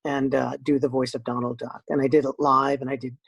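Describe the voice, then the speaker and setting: An older man recounts his career in a lively, self-deprecating way. His voice is gravelly with some fry and a husky edge. The sound is dry and close. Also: mid-range voice, brisk, dry recording, lo-fi sound. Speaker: guest voice actor. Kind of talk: casual interview chat.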